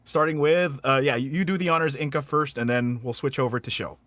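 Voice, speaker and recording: A man's voice: medium pitch, steady tone, brisk, a bit bright, dry recording. A man hosting a casual live radio-style show, rambling and hesitant, laughing often.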